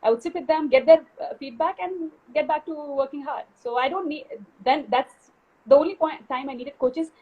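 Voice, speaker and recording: A woman's voice: high-pitched, normal speed, phone-quality sound. A woman speaking as a guest on a live video call interview, candid and self-assured, laughing easily. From India. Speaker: guest basketball player.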